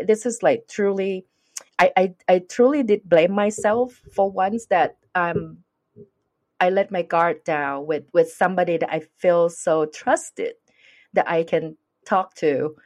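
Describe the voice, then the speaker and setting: A woman's voice: fairly low pitch, measured pace, a little mellow. A woman with a non-native English accent telling a personal story earnestly in conversation, acting out the dialogue. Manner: earnest, acts out quoted dialogue. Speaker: guest.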